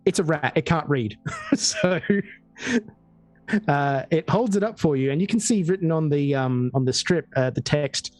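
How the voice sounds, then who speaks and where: A man's voice: a little high, a little slow, no echo, faint music behind. Australian man running a tabletop game. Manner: relaxed storytelling with frequent fillers. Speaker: game master.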